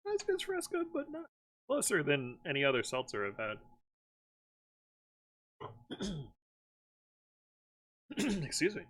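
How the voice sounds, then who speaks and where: Chatty man rambling with frequent laughs. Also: medium pitch. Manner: rambling, laughs often, animated when excited. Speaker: streamer host. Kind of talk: casual chat.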